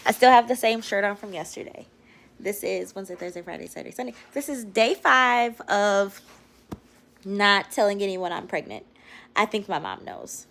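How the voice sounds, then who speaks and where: A woman's voice: medium pitch, far from the mic. A young woman talking casually and candidly to her phone camera at home, swearing freely as she tells a personal story. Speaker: vlogger.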